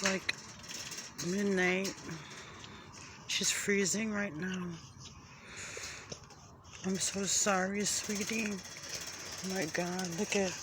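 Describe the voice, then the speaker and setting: Distressed pleader shivering outdoors. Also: medium pitch. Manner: pleading, swearing, talking softly to the dog. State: shivering from the cold. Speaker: concerned neighbor filming a chained dog. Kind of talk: distressed handheld night vlog. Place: outdoors at night in freezing cold. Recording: noisy outdoor phone recording. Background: wind noise and a dog barking.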